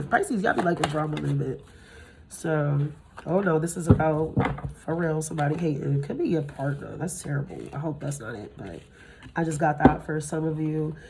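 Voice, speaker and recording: A woman in her thirties giving a casual tarot reading, tired from little sleep, blunt and profane, her voice jumping up in pitch when she gets excited. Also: very noisy. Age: 30s. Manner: blunt and profane, swears freely. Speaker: tarot reader.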